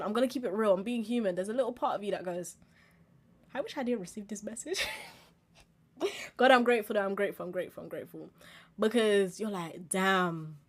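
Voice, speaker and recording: A woman in her twenties hosting a casual solo podcast, telling stories with animated, acted-out reactions and frequent laughs. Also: mid-range voice. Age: 20s. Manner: animated storytelling, acts out reactions, laughs often. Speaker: podcast host.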